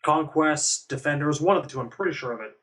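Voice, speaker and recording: A man's voice: fairly high pitch, quick pace, fairly bright tone. Laid-back man, casual podcast chat. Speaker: podcast co-host.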